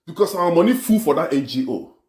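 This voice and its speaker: A man's voice: a little high, expressive, fast, darkish tone, reverberant. A man with a Nigerian accent scolding and boasting in a social media video rant. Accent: Nigerian Pidgin-inflected English.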